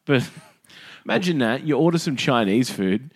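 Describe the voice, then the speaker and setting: An Australian man in a loose, casual podcast chat. He rambles and jokes and swears freely, and his voice sits at an ordinary middle pitch. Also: animated, moderate pace. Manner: crude, joking, profanity-laced rambling.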